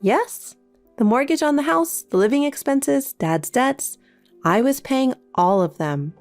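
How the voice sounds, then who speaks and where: A synthetic woman's voice playing a calm, cold younger sister in a text story, with faint music behind. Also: high voice, unhurried, no room sound. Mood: matter-of-fact. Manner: cold, matter-of-fact.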